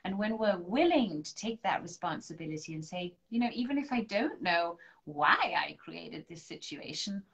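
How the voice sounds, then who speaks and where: A woman, a spiritual coach, doing a live-stream angel card reading, gently encouraging viewers and leading affirmations aloud. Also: lowish voice, animated, normal speed, few pauses.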